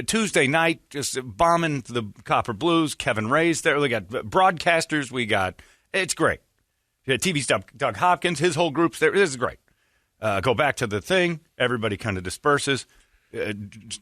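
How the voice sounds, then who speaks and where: A man's voice: medium pitch, lively intonation, moderate pace, bright, forceful tone, no room sound, clean studio sound. A man hosting a radio show, telling a rambling, joking anecdote in a blunt, casual way. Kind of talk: casual talk-radio storytelling.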